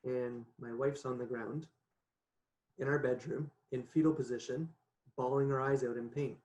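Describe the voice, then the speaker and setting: Male guest, mid pitch, animated casual storyteller, echoey video call audio. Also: moderate pace. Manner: chatty, animated, laughs often, says "right?" a lot. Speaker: podcast guest. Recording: echoey room.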